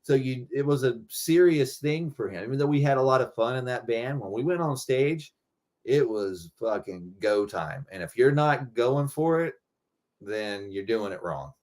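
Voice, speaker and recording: A man's voice: medium pitch, lively intonation, moderate pace, a little mellow. A middle-aged man talking loosely and rambling, swearing freely, as a guest musician in a casual interview.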